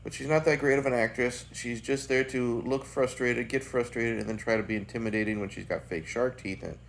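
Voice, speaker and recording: A man's voice: medium pitch, steady tone, brisk, vocal fry, a little hiss or hum. A man giving a casual, profane and blunt review of a bad movie as the host of his channel.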